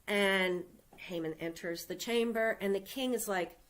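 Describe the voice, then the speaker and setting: Slow, conversational woman giving a sermon. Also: medium pitch, a bit bright. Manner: conversational, retells scripture with casual asides. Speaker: speaker giving the Sunday message. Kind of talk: storytelling sermon.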